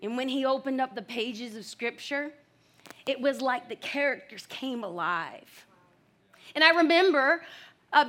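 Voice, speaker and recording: A young adult woman from the United States preaching a sermon, telling animated stories with bursts of loud excited shouting. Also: high voice.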